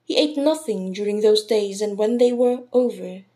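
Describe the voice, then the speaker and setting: A woman reading the Sunday scripture passages in a measured, deliberate, formal way. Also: medium pitch, warm tone. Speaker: scripture reader.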